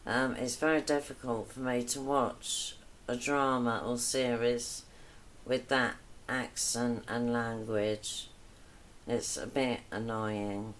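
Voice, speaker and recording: A woman's voice: very deep voice, fairly bright tone, slight background noise. A woman cooking vlogger chatting casually while she cooks, wandering between topics with self-deprecating asides.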